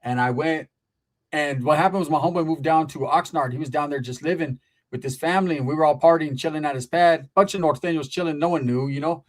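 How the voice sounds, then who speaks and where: A man's voice: a little high, fast. A man hosting a casual podcast chat, from Northern California, telling loose, profane stories in street slang. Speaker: podcast host. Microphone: streaming setup.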